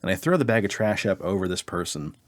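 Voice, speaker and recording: A man co-hosting a podcast, telling a dream story in a casual, animated way, with his voice jumping up when he quotes people. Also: deep voice, quick pace, dry recording. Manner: animated, acts out quotes in a raised voice. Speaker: podcast co-host.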